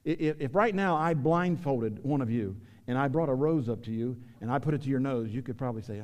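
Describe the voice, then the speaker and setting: A pastor preaching a sermon, swinging between loud emphatic lines and low quiet asides. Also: male voice, lively intonation, a little fast, long reverb tail. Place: church sanctuary.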